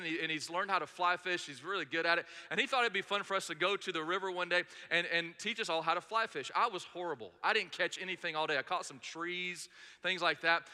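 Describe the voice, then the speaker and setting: A middle-aged man preaches with a high, ringing voice. He tells stories earnestly and hammers points home by repeating them. The sound carries a long reverb from a large church sanctuary. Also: bright, forceful tone. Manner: earnest, storytelling, emphatic repetition. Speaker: pastor. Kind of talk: sermon.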